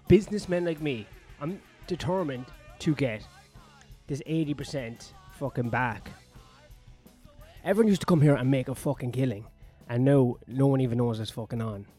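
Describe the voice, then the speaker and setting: A man's voice: medium pitch, moderate pace, dark tone, faint music behind. Sweary ranting comedian man. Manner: sweary, sardonic, rambling. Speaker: comedian vlogging. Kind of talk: profane ranting monologue.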